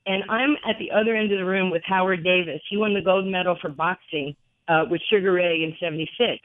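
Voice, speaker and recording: A woman in her sixties from New York, a former basketball player telling animated stories as a guest, laughing often, heard over a phone line. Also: fairly low pitch, fairly quick, no echo. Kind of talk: storytelling interview over the phone. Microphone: telephone. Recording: tinny phone line, dry.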